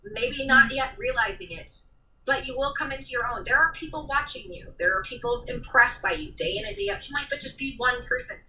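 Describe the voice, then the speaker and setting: A woman guest on a podcast delivers a stirring motivational message, emotional and close to tears. Her voice is high and piercingly bright, and she sits somewhat away from the microphone. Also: animated, a little fast, far from the mic, low-quality recording. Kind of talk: casual interview chat.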